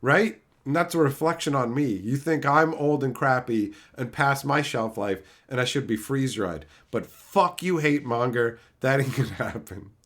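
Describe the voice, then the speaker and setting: A middle-aged man ranting sarcastically at his live chat in casual, profane talk, breaking into loud mocking outbursts. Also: medium pitch, moderate pace, few pauses. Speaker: streamer reading live chat.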